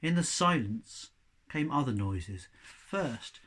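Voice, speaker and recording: A man reading a children's novel aloud to young pupils, with a chatty, expressive manner. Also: medium pitch, slow.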